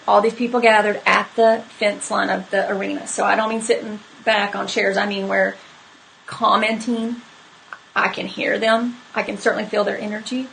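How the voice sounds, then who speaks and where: Woman with a gravelly voice. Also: medium pitch, fairly bright tone, slight background noise, rough recording. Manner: candid, conversational, many fillers. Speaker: horse trainer hosting a live stream. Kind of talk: casual storytelling to live viewers.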